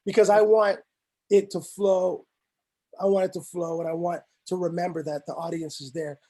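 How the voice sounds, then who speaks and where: A man's voice: high voice, fairly quick, dark tone. A man in casual chat, telling stories animatedly, acting out quotes and swearing freely. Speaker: podcast guest, room moderator.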